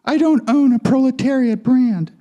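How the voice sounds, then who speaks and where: A man voicing a prissy, scolding young woman doll in a high, twangy feminine voice during a comic puppet show. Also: normal speed, dark tone, muffled recording. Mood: preachy. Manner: feminine twang, shrill and preachy.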